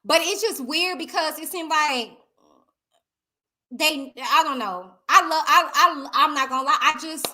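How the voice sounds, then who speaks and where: Chatty high-voiced woman hosting a live stream. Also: unhurried. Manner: chatty, animated, addresses viewers directly as y'all. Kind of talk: casual live stream chat reacting to viewers.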